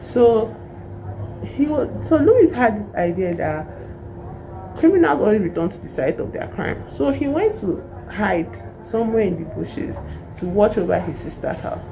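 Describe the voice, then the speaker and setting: A woman's voice: mid-range voice, creaky, dark tone, a little hiss or hum, low-quality recording. A woman, casually retelling a novel's plot in a rambling way full of asides. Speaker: book reviewer.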